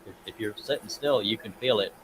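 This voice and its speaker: A man's voice: on the low side, brisk. Man, folksy stream host, laughs a lot, slight background noise. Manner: folksy, laughs often, reads chat aloud. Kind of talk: casual live stream chat.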